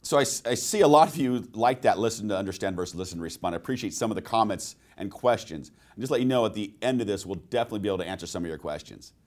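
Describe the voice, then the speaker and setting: A man's voice: lowish voice, lively intonation, rapid-fire, few pauses. A man presenting a sales training webinar, telling personal anecdotes and asking his listeners rhetorical questions.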